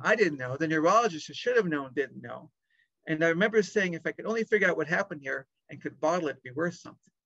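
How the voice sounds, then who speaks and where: A man in his fifties, a pediatric lung doctor, telling a story with lively acted-out dialogue. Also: fairly high pitch, gravelly, no room sound. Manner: animated storyteller acting out dialogue. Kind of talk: storytelling talk. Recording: dry, dull lo-fi sound.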